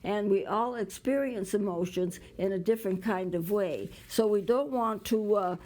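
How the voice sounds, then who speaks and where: A woman's voice: mid-range voice, moderate pace, mellow, rough recording. A woman hosting a community TV talk show, explaining ideas with everyday examples and stopping now and then to cough. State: coughing at times. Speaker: show host.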